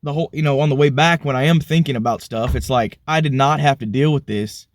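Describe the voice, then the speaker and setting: A man's voice: medium pitch, quick pace. A man from Alabama, rambling earnestly through a personal faith testimony, married with a family. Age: adult, married with kids. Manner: rambling, earnest, heavy on "you know". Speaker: vlogger sharing a faith testimony. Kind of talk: casual spoken testimony.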